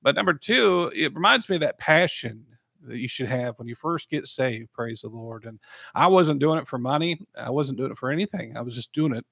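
Gravelly pastor, emotional. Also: male voice, mid-range voice, animated, moderate pace, fairly bright tone, no room sound, clean studio sound. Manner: emotional, repeats "praise the Lord". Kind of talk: podcast sermon and prayer.

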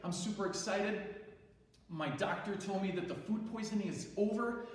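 A man's voice: high voice, normal speed. A man, a PE teacher, introducing a kids' workout video and friendly addressing students by name. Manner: friendly, calls kids by name. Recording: echoey hall from far off, music behind.

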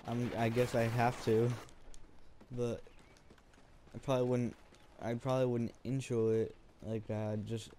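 A young man talking casually over a game he is playing, in a monotone, rambling voice, now and then swearing at the game. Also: mid-range voice, background noise. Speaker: gaming video creator. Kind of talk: casual commentary over gameplay.

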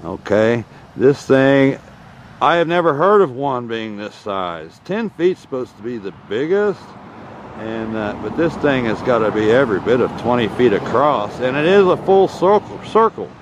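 Folksy male vlogger, outdoors on a camera mic, average pitch. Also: big pitch swings, moderate pace, highs cut off, slight background noise. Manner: folksy, meandering, playful. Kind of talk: casual outdoor vlog narration. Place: outdoors in a rural yard.

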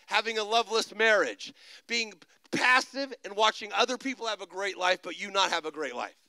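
High, bright-voiced male preacher. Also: no room sound, poor audio. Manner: swings between quiet storytelling and loud shouted exhortation. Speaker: pastor. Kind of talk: sermon. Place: large church stage.

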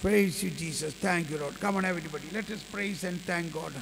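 A man preaching a sermon, telling a story slowly and leading the group in prayer and hallelujahs. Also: high voice, vocal fry, fairly bright tone. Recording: reverberant hall with faint mains hum.

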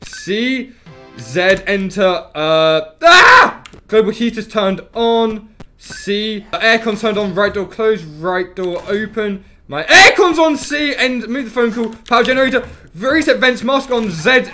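A young man with a high, bright voice narrates his gameplay in quick, muttered bursts of button calls. He keeps erupting into frantic yelps and shouts as the game surprises him, and a faint hiss sits under the audio. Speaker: gameplay streamer. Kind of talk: let's play commentary.

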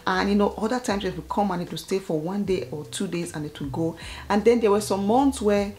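A woman vlogger in her thirties telling a personal story straight to her viewers in an animated, chatty way. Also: mid-range voice, a little fast. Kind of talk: casual talk to camera.

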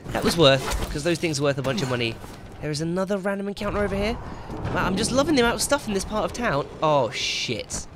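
A man's voice: high voice, animated, fast talker, background noise. A man commentating his own video game play, yelping and swearing whenever he gets startled. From England. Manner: jumpy, yelps and swears when startled. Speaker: gaming YouTuber.

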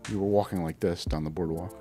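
A man's voice: sits low, fast talker, soft background music. A man hosting a casual podcast chat, telling rambling anecdotes and acting out quoted people. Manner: rambling storyteller, animated quoting. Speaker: podcast host.

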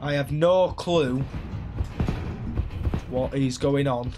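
A man's voice: medium pitch, extremely slow, music in the background. A young man streaming a horror game live, chattering through his play and shrieking when chased. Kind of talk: live gameplay commentary.

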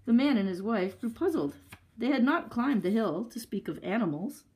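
Expressive woman reading a children's story. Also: a little high, normal speed, poor audio. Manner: expressive storytelling with chatty asides. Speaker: librarian leading story time. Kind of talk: reading a picture book aloud to children.

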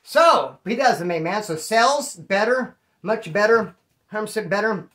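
A man from California telling his own prison stories in a casual, profane, animated way and acting out what people said. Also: sits high, normal speed. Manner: profane, animated, acts out quoted dialogue. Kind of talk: casual storytelling.

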